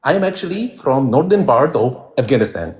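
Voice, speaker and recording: A man's voice: mid-range voice, very animated, fairly quick, darkish tone. A man calling into a live debate stream who puts on an exaggerated foreign accent and plays a trolling guest. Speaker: caller.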